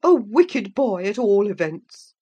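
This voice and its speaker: A woman's voice: mid-range voice, sing-song, takes it slowly, mellow, breathy edge, lo-fi sound, pitched above the performer's own voice, full character voice. A woman reading aloud and voicing a prim older lady of the manor, who speaks in an indignant, exclamatory way. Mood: disapproving.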